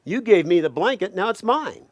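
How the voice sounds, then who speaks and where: A man voicing a stubborn male talking boulder in a spoken folk tale, flat and unyielding. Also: high voice, moderate pace, no room sound, dull audio.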